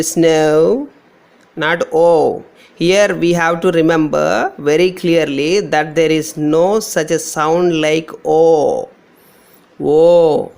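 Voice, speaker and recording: A man with a Telugu-Indian English accent teaching pronunciation, slowly repeating and modelling each sound. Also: on the high side, creaky, a little mellow, clear, resonant tone. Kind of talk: pronunciation lesson.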